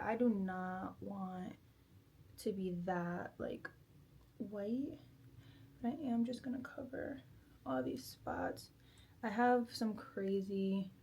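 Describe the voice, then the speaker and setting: A woman's voice: mid-range voice, darkish tone, slightly rough. A woman in her twenties chatting casually and giggling as she does her makeup at home. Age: 20s. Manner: chatty, giggly, self-deprecating. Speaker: vlogger. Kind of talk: casual chat while doing makeup. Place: bedroom at home.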